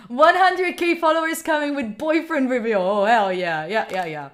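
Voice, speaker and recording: A study streamer in her young adult years, this Italian woman speaks with an Italian accent in a voice that sits on the high side and sounds a bit bright. She chats casually with her stream chat, frequently laughing and taking viewer questions.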